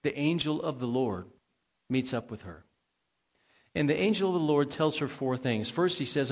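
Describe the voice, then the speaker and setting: A man's voice: mid-range voice, animated, normal speed. A male pastor preaching a sermon in a conversational way, asking the congregation questions and adding folksy asides.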